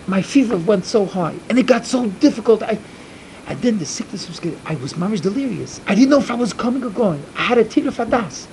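A man telling a religious folk tale in the first person, slow and dramatic at times. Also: high-pitched, animated, darkish tone, a little hiss or hum, poor audio. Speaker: storyteller.

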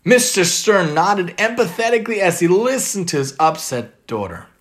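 A man's voice: sits high, big pitch swings, normal speed. A man earnestly giving a religious moral lesson and reading a story aloud. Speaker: religious teacher.

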